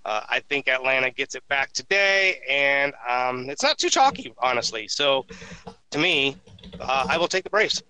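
A man co-hosting a sports betting podcast, giving his picks in relaxed casual chat. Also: mid-range voice, normal speed, smooth, rough recording.

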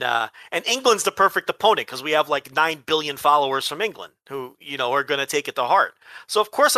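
A man's voice: a little high, bright, forceful tone, no room sound. A man co-hosting a podcast from New Jersey, ranting in brash, profane casual banter. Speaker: podcast co-host.

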